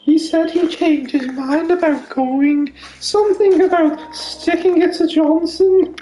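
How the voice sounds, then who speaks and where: A woman voicing a posh grieving widow, speaking in a prim, measured way, in an echoey room. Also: dark tone, slight background noise. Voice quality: posh, high put-on voice.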